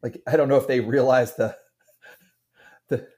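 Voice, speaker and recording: A middle-aged man co-hosting a casual sports podcast, animated and rambling with frequent restarts. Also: medium pitch, normal speed. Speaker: podcast co-host.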